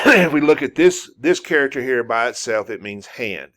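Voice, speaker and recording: A man's voice: mid-range voice, expressive, a little slow, fairly bright tone. A man teaching a language lesson, patiently repeating words and sounds over and over. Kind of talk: slow, repetitive language lesson.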